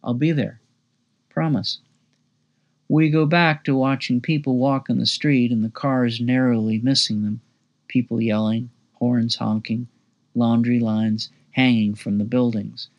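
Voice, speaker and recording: A man reads a first-person memoir aloud with a gravelly, fry-laced voice. He keeps a low-key, wry storytelling tone at a middling pitch. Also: flat delivery, a little slow, lo-fi sound. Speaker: narrator.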